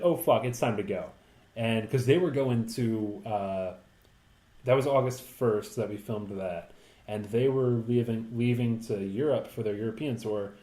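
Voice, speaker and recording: A man's voice: fairly low pitch, darkish tone. A young man casually telling a rambling, profane story on a podcast, full of fillers. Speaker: podcast co-host. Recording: echoey room.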